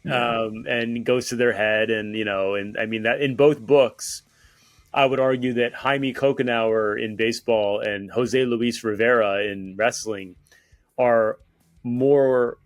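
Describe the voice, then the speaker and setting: A man's voice: mid-range voice, steady tone, slow pace, no echo. Male author guest, thoughtful and rambling, leans on "right?"; dry close sound. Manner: reflective, lots of "like" and "right?". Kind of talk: casual interview chat.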